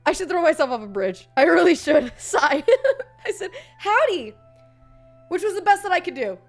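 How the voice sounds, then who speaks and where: A woman's voice: very high-pitched, moderate pace, soft background music. A young woman streamer in casual, rambling chat, swearing and laughing often and mimicking other people's voices. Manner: animated voice swings, mimics others.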